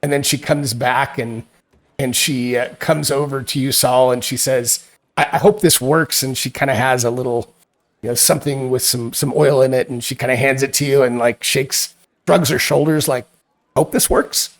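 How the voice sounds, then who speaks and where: A man's voice: mid-range voice, fairly even intonation, normal speed. A man running a tabletop game as game master, narrating with many fillers and restarts.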